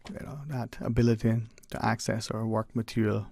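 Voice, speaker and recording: A man's voice: fairly low pitch, level tone, fairly quick, vocal fry, a little mellow, no room sound. A man hosting a call-in radio show in an easygoing, chatty way, often restarting his sentences, recorded on a close studio mic. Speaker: radio talk show host. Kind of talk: casual call-in radio chat.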